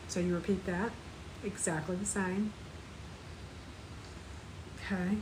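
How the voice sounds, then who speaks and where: A woman teaching a live online spiritual class, gently guiding listeners through an energy clearing and repeat-after-me compassion phrases. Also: on the low side, fairly even intonation, takes it slowly, pauses often, background noise.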